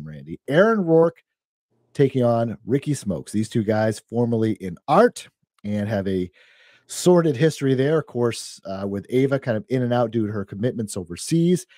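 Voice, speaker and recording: A man's voice: medium pitch, warm tone, no echo, clean studio sound. A man hosting a wrestling preview show, building up upcoming matches. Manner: hype-building, uses fillers.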